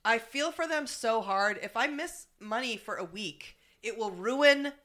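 A woman's voice: fairly high pitch, animated, measured pace, a bit bright. A woman hosting a casual chat, enthusiastic and swearing freely. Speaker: host.

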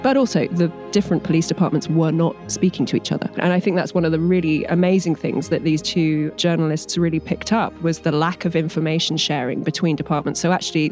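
Lively English actress, interview guest. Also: female voice, sits low. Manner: lively, acts out quoted dialogue. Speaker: actor guest. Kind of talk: interview chat.

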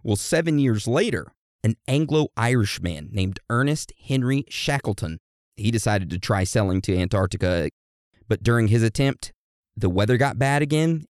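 Lively intonation marks this man's lower-leaning voice as he talks at a normal speed, captured at studio quality with no echo. He presents history as a foul-mouthed, irreverent comedy lesson full of slang, speaking to the audience like a classroom.

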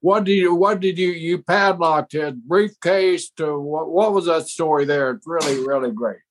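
Oklahoma guy, bit high voice, rambly and salty, keeps restarting sentences. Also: normal speed. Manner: rambling, salty, self-interrupting. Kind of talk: casual chat.

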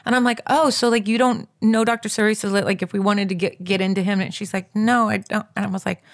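A woman casually telling a story as a podcast co-host, animated and acting out quotes with big jumps in pitch. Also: fast.

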